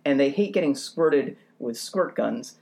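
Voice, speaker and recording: A man spinning a comic story on a podcast, animated and self-mocking. His voice leaps up in pitch as he rants, and he lingers on his own misadventures for laughs. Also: measured pace, vocal fry. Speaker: podcast co-host. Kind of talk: comedic storytelling.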